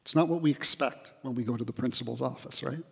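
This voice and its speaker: A man giving a spiritual retreat talk in a hall, reflective and gently humorous, pausing often with fillers. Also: mid-range voice, creaky, husky. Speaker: retreat speaker.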